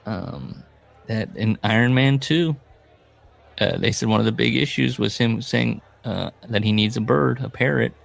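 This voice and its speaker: A man's voice: medium pitch, a little slow, creaky. A man co-hosting a podcast, telling stories in a rambling, casual way and laughing often. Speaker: podcast co-host. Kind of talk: casual comedic chat.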